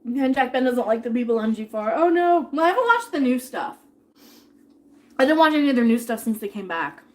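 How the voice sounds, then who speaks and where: A woman with a slightly high voice chats loosely on a live stream while eating. Her talk rambles and she thanks viewers as they tip, now and then mumbling through a mouthful. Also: very animated, a little fast.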